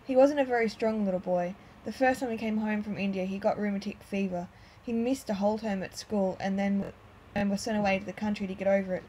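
Woman reading elderly lady, gentle, wistful, hesitant, mid-pitched, faint background hum. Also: steady tone, fast talker, close to an everyday voice, low-quality recording. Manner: soft, reminiscing, hesitant.

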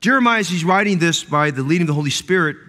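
A man's voice: a little high, expressive, rapid-fire, pushed and bright. A man preaching a sermon as pastor, building into emphatic, rising cadences with repeated phrases. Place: church sanctuary. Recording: long church reverb.

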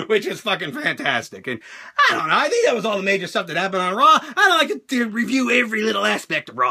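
A man hosting a casual chat show, excitable and profane, laughing often. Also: sits high, gravelly. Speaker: host.

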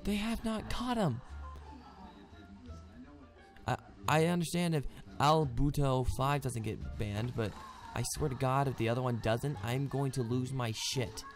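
A man's voice: mid-range voice, normal speed, faint music behind. A man ranting furiously over his gameplay at home, swearing constantly and stammering through restarts. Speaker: gaming video creator. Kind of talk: gameplay commentary rant.

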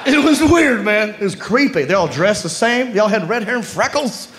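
A man telling an animated stand-up story, laughing through his lines. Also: high voice, normal speed, long reverb tail. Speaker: stand-up comedian. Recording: live stand-up with audience noise. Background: audience laughter.

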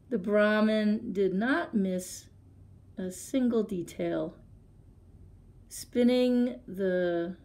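Woman reading a picture book aloud. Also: medium pitch. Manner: chatty asides with soft laughs. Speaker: librarian. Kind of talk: storytime read-aloud.

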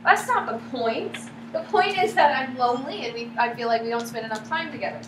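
Female lecturer, higher voice, questions her class often; echoey classroom, hum behind. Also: fairly quick. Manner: lively, asks the class questions. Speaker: psychology lecturer. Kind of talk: classroom lecture with acted examples.

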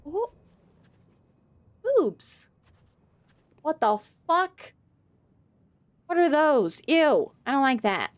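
A woman streamer talks to her chat while she plays, reacting out loud and swearing casually. Her voice sits high and bounces around a lot. She takes her time with the words, unhurried between reactions. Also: big pitch swings. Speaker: game streamer. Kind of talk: live gameplay commentary.

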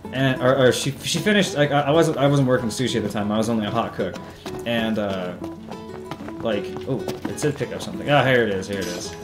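A young man doing casual, profane, sarcastic commentary while playing a video game. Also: medium pitch. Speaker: let's play host. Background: game music.

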